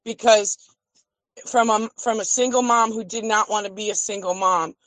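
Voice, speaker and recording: A woman calling in to a radio show, heartfelt and pausing to search for words. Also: mid-range voice, fairly even intonation, fairly bright tone, no room sound, rough recording. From Chicago area. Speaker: caller.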